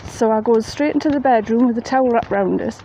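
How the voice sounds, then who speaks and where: A woman's voice: fairly high pitch, moderate pace, a little mellow, low-quality recording. A woman telling a ghost story in a chatty, plain-spoken way, outdoors at night in the rain. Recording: faint rain noise behind.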